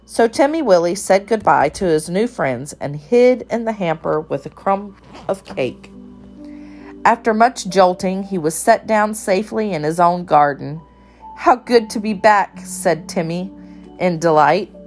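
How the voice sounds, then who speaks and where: A woman reading a children's story aloud in a calm, even storytelling manner. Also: lowish voice, a little slow, soft background music.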